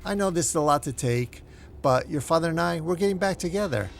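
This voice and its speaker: Creepy sweet brainwashed mom, as a guy puts her on, gravelly. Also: a little high, animated, a little fast, a little hiss or hum, pitched above the performer's own voice. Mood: eerie sweet. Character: brainwashed mother, sweet and eerie.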